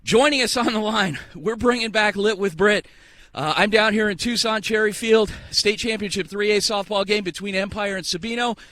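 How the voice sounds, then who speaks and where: A man's voice: sits high, normal speed, fairly bright tone, dry recording. A man hosting a sports radio show live while speed walking outdoors, out of breath and stumbling over his words into a handheld microphone. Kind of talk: live remote broadcast chat. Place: outdoors walking to a softball field. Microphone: handheld microphone with a portable broadcast unit.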